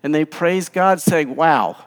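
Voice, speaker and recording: Animated man preaching in a reverberant hall. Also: a little high, measured pace. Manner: animated storytelling, acting out quoted lines. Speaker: pastor. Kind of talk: casual sermon.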